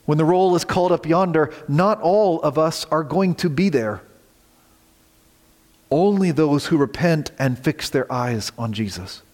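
A man's voice: on the high side, a little slow. Earnest preacher man in a reverberant hall. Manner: earnest, dramatic swings between loud emphasis and hushed near-whispers. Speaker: pastor. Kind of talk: sermon.

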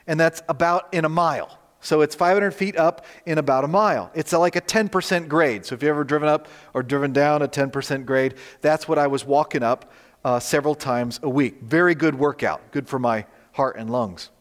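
A man preaching a sermon, telling a personal story in a relaxed, conversational way while advancing slides. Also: fairly high pitch, fairly quick. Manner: storytelling, conversational, animated in quoted dialogue. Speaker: pastor. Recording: long hall reverb.

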